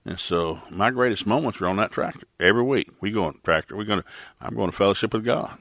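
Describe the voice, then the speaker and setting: A man's voice: lowish voice, quick pace, fairly bright tone, no echo, clean studio sound. An older man telling stories in a casual, laughing way as a pastor and podcast host. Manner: folksy, laughing, acts out voices in stories. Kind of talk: casual storytelling chat.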